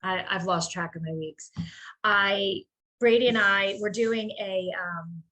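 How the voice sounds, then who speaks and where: A woman who runs a small business, chatting casually on a group video call and telling a rambling, animated story. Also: medium pitch, takes it slowly.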